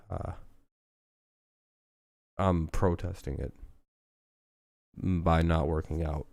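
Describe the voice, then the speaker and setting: A man's voice: deep voice, fairly even intonation, drawn-out words, creaky, long pauses, darkish tone, no echo, clean studio sound. A man hosting a casual live football news stream, joking and rambling with plenty of swearing.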